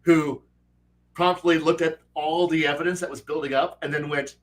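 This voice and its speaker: Animated man telling game stories, far from mic. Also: fairly high pitch, normal speed. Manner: animated storyteller who acts out quoted characters; stammers and restarts often. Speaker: host and game master. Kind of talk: casual livestream chat. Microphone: online call mic. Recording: voice distant from the mic.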